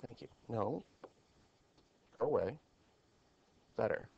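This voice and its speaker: A man's voice: mid-range voice, lively intonation, takes it slowly, vocal fry, slightly rough, dull audio. A man teaching a math class at the board, explaining step by step and asking his students questions.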